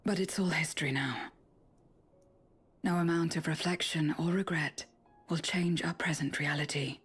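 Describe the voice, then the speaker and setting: Breathy solemn young warrior woman. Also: low-pitched, steady tone, normal speed. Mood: somber. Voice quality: breathy whisper. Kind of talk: video game cutscene.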